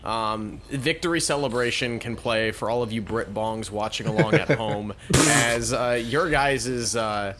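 Crowd noise sits behind this male host, whose mid-range voice keeps a measured pace with few pauses. He works through news articles aloud on a casual commentary show, tossing in sarcastic asides after the headlines.

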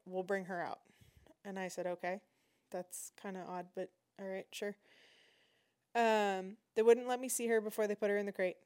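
A woman hosting a podcast, telling a personal story in a lively, indignant way. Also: mid-range voice, smooth. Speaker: podcast host. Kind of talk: casual storytelling.

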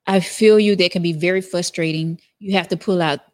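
A woman's voice: fairly low pitch, fairly even intonation, fairly quick, a little mellow. Woman co-host, casual chat, frank, laid-back advice-giver. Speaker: podcast co-host giving advice.

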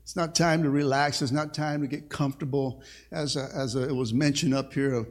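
A man's voice: mid-range voice, fairly even intonation, fairly quick. A man preaching a sermon as pastor, with call-and-response and frequent "amen.". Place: church sanctuary. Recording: long reverb of a church hall.

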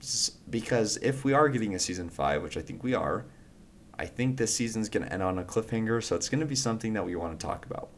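A man's voice: fairly low pitch, lively intonation, fast talker, a little hiss or hum. A man hosting a podcast in a casual, rambling way, full of fillers and restarts. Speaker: podcast host.

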